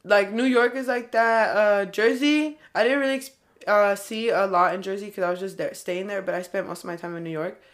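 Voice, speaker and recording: A young Californian woman with a matching accent chats casually, rambling through animated stories packed with "like." Her voice is mid-range and a little quick.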